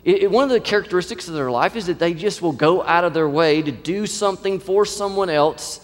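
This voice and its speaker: A man's voice: sits high, fairly quick. A middle-aged man preaching a sermon as pastor, earnest, often repeating phrases as he builds emphasis. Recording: long reverb of a large hall.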